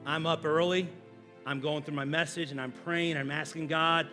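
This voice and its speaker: Man, forties, pastor, sermon, high voice, call and response, loud-to-hushed swings. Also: unhurried, faint music behind. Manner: swings between loud, high emphasis and quiet, low asides; addresses the congregation directly, prompting call and response.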